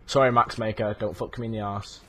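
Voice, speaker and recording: A man's voice: fairly low pitch, little pitch movement, a little fast, bright, forceful tone. A young man swearing and muttering while commenting on his own gameplay. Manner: frustrated, swears constantly, mutters to himself. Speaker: gaming YouTuber. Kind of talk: casual let's play commentary.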